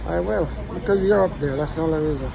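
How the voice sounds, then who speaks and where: A man's voice: fairly high pitch, fast, creaky, a crowd in the background, rough recording. An older man with a Jamaican accent, a devout uncle who gives blessings as he chats with family. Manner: warm-spoken, devout blessings.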